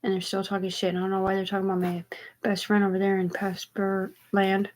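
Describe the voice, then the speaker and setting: In a monotone, darkish mid-range voice, a woman rants live to her stream, her thoughts tumbling into quick digressions. She's agitated and profane and keeps saying "dude."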